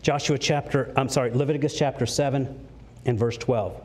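A man preaching a sermon, earnest, slowing down to stress key words and climbing in pitch when stirred, with light jokes slipped in. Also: fairly even intonation, a little hiss or hum. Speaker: pastor.

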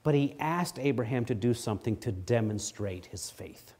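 A middle-aged man delivers a sermon in an expressive preaching manner. He reads scripture with rising force and lowers his voice for the asides. His voice sits at an ordinary middle pitch. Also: normal speed, slightly rough. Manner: expressive preaching, rises loud on scripture readings, drops low on asides. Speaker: pastor.

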